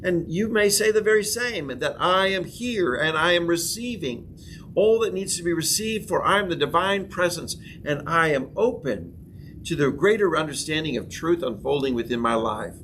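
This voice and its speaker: A man's voice: on the high side, lively intonation, moderate pace, fairly bright tone, a little hiss or hum. A middle-aged male pastor teaching a sermon class, with rising emphatic proclamations and call-and-response affirmations. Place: church classroom.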